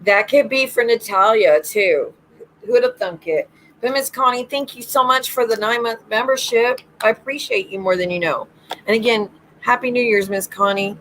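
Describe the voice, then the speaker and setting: A woman rants through a livestream, her voice sitting a little high. She is blunt and sassy, swears freely, and talks straight to her viewers as a psychic medium host. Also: normal speed, fairly bright tone, slight background noise, rough recording. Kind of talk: ranting livestream commentary.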